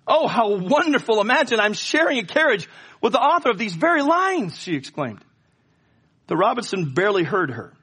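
A man's voice: on the high side, fairly bright tone. A man preaching a sermon, telling a story and rising to fervent pleas. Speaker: pastor.

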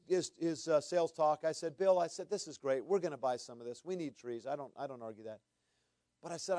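A man, a pastor, preaching a sermon and telling a story, earnest, often repeating his words, moving between loud and hushed. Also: on the high side, no room sound.

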